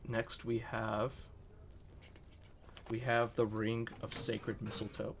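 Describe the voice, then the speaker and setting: A young man runs a tabletop game as its game master, his voice gravelly. He explains rules at an easy pace, filling gaps with ums. A faint hiss sits under his home recording. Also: lowish voice. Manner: relaxed, many ums, slow when voicing shopkeepers.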